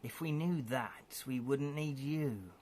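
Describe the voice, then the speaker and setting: A man's voice: mid-range voice, slow, darkish tone, slight background noise, lightly acted. A man voicing a snarling, menacing henchman. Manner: snarling, blunt.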